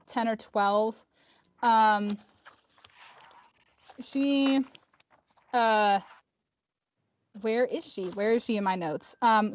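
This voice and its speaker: A woman game master leads an online tabletop session, her voice sitting fairly high. She talks hesitantly, filling pauses with ums. The call audio is dry and slightly dull. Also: no echo.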